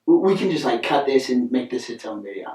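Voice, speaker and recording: A young man co-hosting a podcast, telling a rambling, animated story in casual chat and often asking "right?". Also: mid-range voice, fairly quick. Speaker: podcast co-host. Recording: echoey room, mic at a distance.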